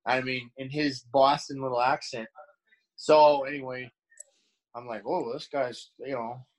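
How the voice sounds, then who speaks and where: A middle-aged man talks with a mid-range pitch, sharing candid stories. He rambles, restarting sentences and leaning on fillers. Now and then he acts out the voices of people in his stories. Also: steady tone, a little slow, poor audio. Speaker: guest, former pro hockey player. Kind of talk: casual storytelling.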